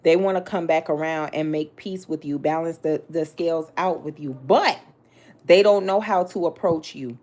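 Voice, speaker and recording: A woman's voice: deep voice, normal speed, darkish tone. Blunt, sassy woman reading tarot. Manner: blunt, sassy, talks straight to the listener with slang and cursing. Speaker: tarot reader.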